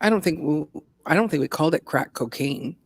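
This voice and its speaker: A woman's voice: sits low, expressive, fairly quick, vocal fry, breathy edge, dry recording, studio quality. A woman in her fifties chatting casually on a live stream, telling anecdotes and laughing often.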